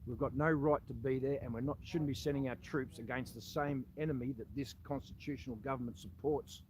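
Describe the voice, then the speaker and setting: A man's voice: medium pitch, steady tone, brisk, darkish tone, a little hiss or hum, rough recording. A man with an Australian accent, a former army soldier, making a direct-to-camera appeal that confronts the listener and keeps calling him "mate".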